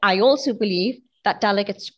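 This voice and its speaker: A woman's voice: mid-range voice, fairly quick, fairly bright tone. A woman answering questions in an online meeting, earnest and persuasive, and losing her voice. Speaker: union representative answering questions. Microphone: video call mic.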